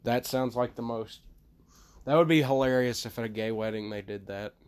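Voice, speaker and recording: A man co-hosting a podcast, talking loudly and cracking crude jokes in casual banter. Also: medium pitch, normal speed, smooth. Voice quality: loud, crude and joking. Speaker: podcast co-host.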